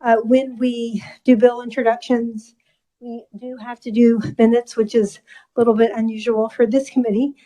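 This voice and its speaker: Woman committee chair kinda out of breath, friendly and quick, higher voice. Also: level tone, mellow, rough recording. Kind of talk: chairing a legislative hearing.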